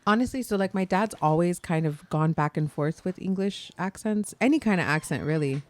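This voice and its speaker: A woman's voice: fairly low pitch, a little fast, dry recording. A woman in her thirties co-hosting a casual podcast, telling stories with lots of laughter. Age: 30s. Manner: laughs a lot, animated storytelling. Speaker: podcast co-host. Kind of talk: casual chat.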